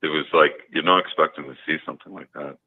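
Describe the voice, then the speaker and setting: A man's voice: a bass voice, fairly even intonation, fast. A man calling in to a talk show, telling a personal story in a rambling way, full of fillers and restarts. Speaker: caller. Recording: tinny phone line.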